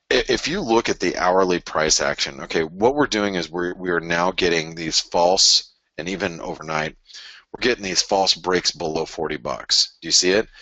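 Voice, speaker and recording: A man hosting a live forex show, walking through price charts in an animated, restless way, often restarting sentences and arguing with imagined viewers. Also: low voice, no echo, lo-fi sound. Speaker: forex market show host. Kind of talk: live trading chart analysis.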